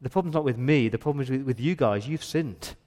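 A man's voice: medium pitch, quick pace, warm tone, close to an everyday voice. Stern, exasperated God figure, voiced by a male preacher; repetitive scolding; hall reverb. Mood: firm correction. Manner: insistent, repetitive rebuke. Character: stern exasperated God rebuking his people.

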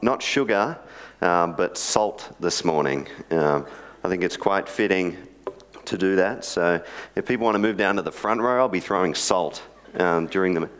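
Deep-voiced man preaching. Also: fairly bright tone, clean tone. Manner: chatty storytelling with joking asides. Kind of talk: sermon.

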